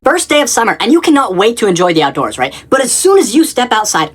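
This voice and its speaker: A woman narrating comedic point-of-view sketches in an excitable storytelling manner, addressing the listener directly. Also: a little high, fast, slight background noise.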